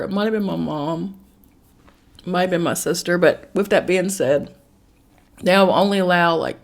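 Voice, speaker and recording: A woman's voice: on the low side, gravelly. A woman telling a personal story in a casual podcast monologue, dropping to whispers when she quotes people. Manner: intimate, drops to a whisper for quoted lines. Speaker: podcast host.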